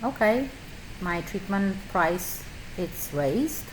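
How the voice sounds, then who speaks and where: Middle-aged woman, skincare business owner, emphatic storyteller, medium pitch, faint background hum. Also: slow, low-quality recording. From a communist country. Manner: animated, emphatic, slightly non-native grammar. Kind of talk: casual storytelling advice.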